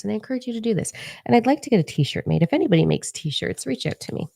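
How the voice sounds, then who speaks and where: A woman's voice: a little high, expressive, fast talker, vocal fry, a little mellow, dry recording. A woman in her forties, a spiritual advisor talking casually on her vlog, blunt, profane and playfully mocking.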